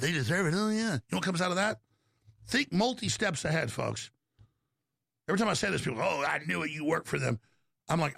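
Gravelly middle-aged guy ranting on his call-in radio show, dry close sound, voice leaps up and down. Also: dry recording. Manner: forceful, ranting, sudden jumps in pitch and pace. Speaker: radio talk show host.

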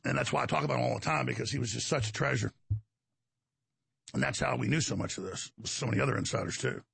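A man's voice: mid-range voice, fast talker, vocal fry, a bit bright, husky, no room sound. A man with a Texan accent hosting a talk show, delivering a combative, rambling monologue to his listeners. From Texas. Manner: combative, digressive, addresses listeners as folks.

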